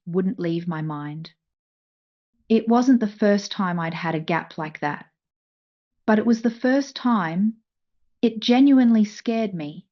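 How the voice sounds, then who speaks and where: A woman narrating a first-person story in a soft, measured, emotional way. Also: fairly low pitch, highs cut off.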